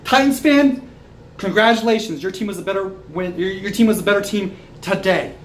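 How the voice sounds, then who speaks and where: A man's voice: high voice, normal speed, a little hiss or hum, rough recording. A young man ranting as a sports fan commentator, angry and full of profanity.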